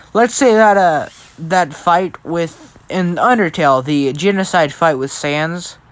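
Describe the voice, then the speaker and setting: A man telling an improvised fan story in a casual, rambling way, often checking in with "right?" and changing details as he goes. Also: fairly high pitch. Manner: changes details mid-thought.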